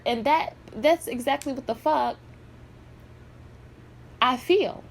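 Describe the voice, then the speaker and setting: A woman's voice: high-pitched, slow pace, vocal fry, pauses often, slight background noise. A woman giving blunt, sassy, heavily profane commentary in a vlog. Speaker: pop culture commentator.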